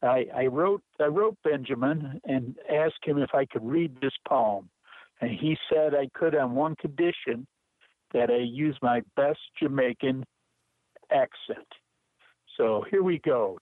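Male caller from Michigan, slow and halting, on a phone line. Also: mid-range voice, dry recording. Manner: halting, with many restarts. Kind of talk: casual chat on a call-in radio show. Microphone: telephone.

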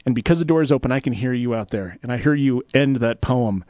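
A man's voice: mid-range voice, fast, a little mellow, dry recording. A man co-hosting a radio show in the studio, telling stories in a rambling way and stumbling over his words. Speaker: radio co-host. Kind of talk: casual chat.

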